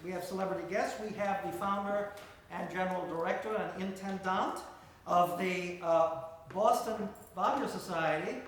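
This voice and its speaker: A man hosting a comic music lecture before a live audience, delivering dry, deadpan asides. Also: sits high, distant mic, a little hiss or hum. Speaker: host of a music comedy lecture. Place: concert room with a live audience. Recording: echoey room recorded from afar.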